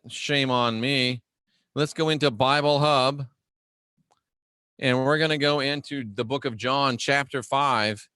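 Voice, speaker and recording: A man hosting a livestream, teaching the Bible conversationally, slowing down and raising his voice for key phrases and greeting viewers. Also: mid-range voice, sharp tone, no room sound, clean studio sound. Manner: conversational and emphatic, slows and raises voice for key phrases; greets viewers and talks to himself while navigating a website. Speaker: livestream host teaching scripture.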